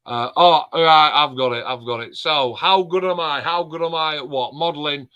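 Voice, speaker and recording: A man's voice: fairly high pitch, moderate pace, sharp tone, clean tone. A man co-hosting a live stream, chatting casually, joking and swearing with his friend. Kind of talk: casual chat.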